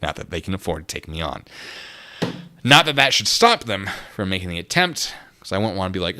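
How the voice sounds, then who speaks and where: A man's voice: sits low, brisk. A man giving sarcastic live-stream commentary at a desk microphone, with joking asides, and stopping to read chat and thank viewers for donations. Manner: sarcastic, animated, laughing asides; reads donations and chat aloud.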